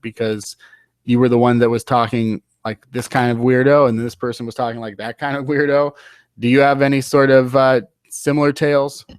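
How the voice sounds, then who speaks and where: A man's voice: medium pitch, no echo, studio quality. A man hosting a podcast, talking loosely with many fillers and restarts. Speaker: podcast host. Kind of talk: casual podcast chat.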